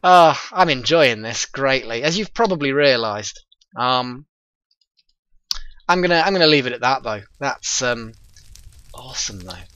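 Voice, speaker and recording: A man casually commenting on his own gameplay, thinking aloud in a chatty, excitable way. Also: medium pitch, measured pace, long pauses, dry recording. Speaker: let's play host.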